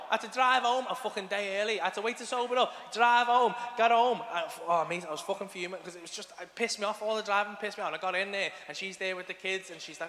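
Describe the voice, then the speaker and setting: A man doing a crude, animated stand-up set in a comedy club, swearing freely and bantering with the crowd. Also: high voice, fast talker, hardly any pauses. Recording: reverberant club hall with crowd noise.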